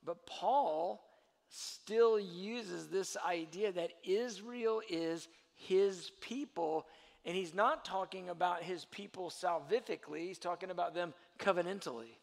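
Gravelly man preaching in a hall. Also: high-pitched. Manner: builds from quiet teaching to loud emphatic preaching. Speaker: pastor. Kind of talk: sermon.

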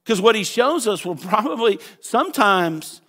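A male pastor preaching a sermon in a church, animated and acting out voices, at times rising to a shout. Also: sits high, moderate pace. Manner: animated, acts out quoted voices, rises to shouts.

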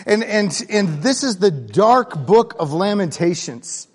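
A man preaching a sermon in a conversational, animated way, moving between hushed asides and excited bursts. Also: sits high, slow, breathy edge. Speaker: pastor. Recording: long reverb of a large hall.

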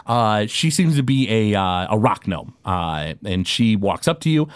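A man narrating a tabletop game as game master, halting with many fillers. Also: lowish voice, animated, clear, resonant tone, no room sound.

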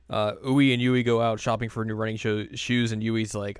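A young man talks through an anime recap in a relaxed podcast chat, slipping into voices for the characters. His voice sits a bit low and sounds smooth, recorded close and dry. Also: normal speed, no echo. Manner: animated storytelling, jumps into quoted voices. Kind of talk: casual chat.

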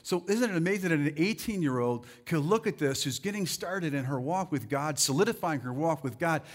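Animated preaching man, slightly high voice. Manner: animated, rallies the crowd with "come on"; reads scripture slowly and deliberately. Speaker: pastor. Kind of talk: sermon.

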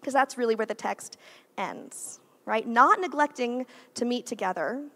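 A woman's voice: a little high, animated, measured pace, fairly bright tone. A woman in her thirties, a guest preacher giving a conversational sermon in a church, with frequent "like" and "right?" asides. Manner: chatty, uses "like" and "right?" often.

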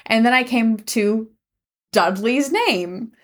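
Animated woman telling stories while laughing. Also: a little high, takes it slowly. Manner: animated storyteller, laughs often. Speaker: podcast co-host. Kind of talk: casual chat.

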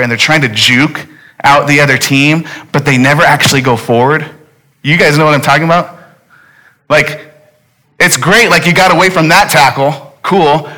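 A man in his thirties delivers a sermon with a bright, forceful tone. He tells the story in a loose, conversational way and keeps turning to the crowd with quick "right?" asides. He is speaking to a congregation in a church hall. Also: mid-range voice. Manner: casual, animated storytelling with frequent "right?" asides. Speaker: pastor.

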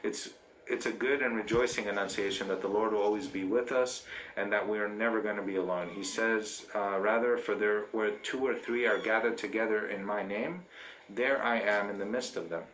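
A man's voice: fairly low pitch, steady tone, moderate pace, a bit bright, roomy sound, slight background noise, rough recording. A man, a priest, preaching a sermon in a church, speaking unscripted with fillers and restarts.

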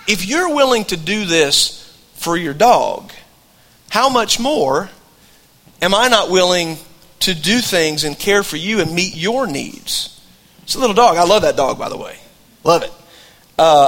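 A man's voice: high-pitched, a bit bright. A middle-aged man preaching a sermon in a conversational storytelling way, often restarting his sentences. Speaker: pastor.

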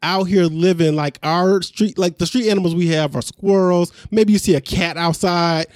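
A man's voice: high-pitched, normal speed, a little mellow, dry recording, clean studio sound. Laid-back man recapping a show. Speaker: podcast co-host recapping a reality show. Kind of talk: casual chat.

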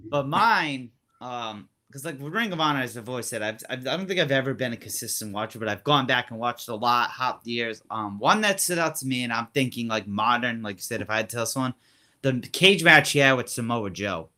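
Male co-host, mid pitch, bright tone, easygoing wrestling chat. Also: animated, fairly quick.

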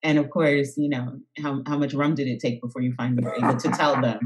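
Lively laughing woman podcast host. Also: very deep voice, quick pace, rough recording. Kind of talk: casual interview chat.

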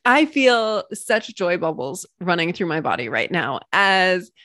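A woman hosting a solo podcast into her computer mic, bubbly and excitable, often jumping into high, squealing cheerleader praise. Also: unhurried, no room sound, studio quality. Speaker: podcast host and coach.

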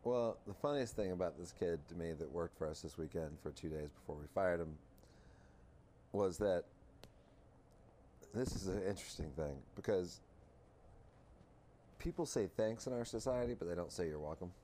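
A man chatting casually on a podcast, telling an animated story full of swearing and mocking impressions. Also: moderate pace, long pauses, slight background noise. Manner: animated storyteller, swears, mimics others in a high voice. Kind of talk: casual chat.

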